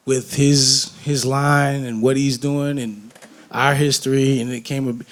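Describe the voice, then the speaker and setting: A man from Detroit talking candidly on a festival stage, telling animated, profane, joking stories and acting out voices. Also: medium pitch. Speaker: guest musician on stage. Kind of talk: candid onstage conversation. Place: festival main stage before an audience.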